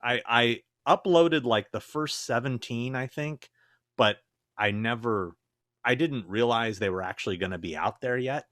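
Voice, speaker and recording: A man co-hosting a podcast, talking casually and haltingly with plenty of fillers and self-deprecating remarks. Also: medium pitch, fairly bright tone, no room sound, studio quality. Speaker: podcast co-host.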